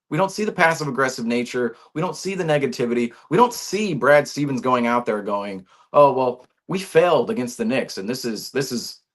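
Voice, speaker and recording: A man hosting a sports talk show, giving his opinions in a casual, ranting way, full of restarts and rhetorical questions. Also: on the high side. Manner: animated, ranting, many restarts and rhetorical "right?". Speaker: sports podcast host.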